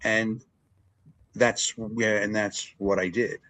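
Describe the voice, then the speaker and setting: An older man, a longtime ring announcer, telling stories in a relaxed interview and acting out what people said. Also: slow, poor audio. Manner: animated storyteller, acts out quotes with big pitch jumps. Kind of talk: storytelling interview chat.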